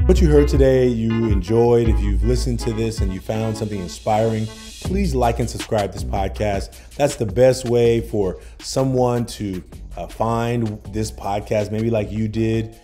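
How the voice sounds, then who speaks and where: A man hosting a podcast, talking in a reflective, casual way and letting his sentences trail off softly. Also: lowish voice, unhurried, hardly any pauses, music in the background. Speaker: podcast host. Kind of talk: casual interview chat.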